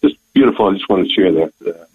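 An older man calling in to a radio show, telling a heartfelt story in an earnest, halting way. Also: deep voice, lively intonation, slightly rough, dry recording. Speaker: caller. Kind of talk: phone-in testimony. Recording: tinny phone line.

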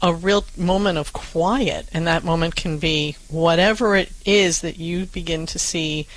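A woman co-hosting a parenting advice show, speaking in a calm, reassuring way. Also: fairly low pitch, a little slow, rough recording.

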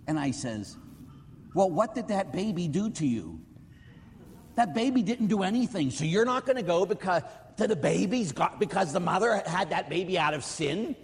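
A priest and radio host preaching bluntly and telling stories, acting out the voices of the people in them. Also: male voice, sits high, fairly quick, big-room sound. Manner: blunt, animated, acts out callers' voices. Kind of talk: lively sermon with storytelling.

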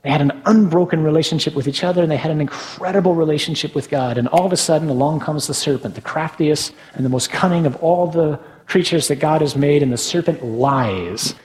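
A man's voice: fairly high pitch, a little fast, hardly any pauses, darkish tone, big-room sound, rough recording. A man, a Catholic priest, preaching a sermon in a conversational way with tag questions.

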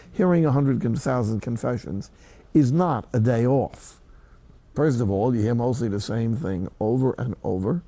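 A man's voice: mid-range voice, gravelly, dark tone, dry recording. An older man, a priest, preaching a sermon in a folksy, emphatic way, quoting scripture.

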